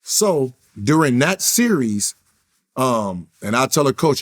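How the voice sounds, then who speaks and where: A man telling a basketball story in casual interview chat, profane and animated, acting out quotes in a raised voice. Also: mid-range voice, slow. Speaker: interview guest, former basketball player.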